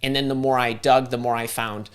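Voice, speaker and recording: Animated man telling a story on a live stream. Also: mid-range voice, fairly quick, clean tone. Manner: animated, frequent restarts and repeated words. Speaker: host.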